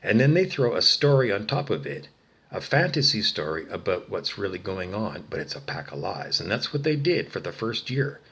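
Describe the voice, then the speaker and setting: A man delivers a furious, profane solo rant to the camera. His voice sits low but swings widely in pitch, dropping to mutters and then bursting into shouts. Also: big pitch swings, moderate pace, husky. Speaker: vlogger.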